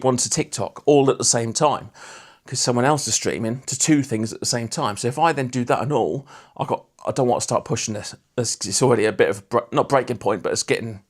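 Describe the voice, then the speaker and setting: A man hosting a casual livestream, chatting and teasing viewers while he works on a guitar. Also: mid-range voice. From Lincolnshire, England. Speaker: livestream host.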